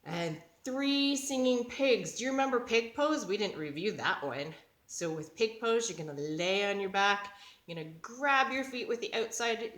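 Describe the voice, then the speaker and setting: A woman's voice: medium pitch, a bit bright. A woman leading a children's yoga lesson, reading a picture book aloud, giving patient step-by-step instructions and making the animal sounds. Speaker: kids' yoga teacher. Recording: echoey room.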